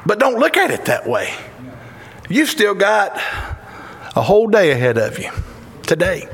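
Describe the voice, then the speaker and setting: A high-pitched man with a Southern Tennessee accent preaches a sermon in a fervent, folksy way, breaking into excited exclamations. His voice rings through a church sanctuary with a long, echoey reverb trailing each phrase. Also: unhurried. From Tennessee, USA. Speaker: guest preacher.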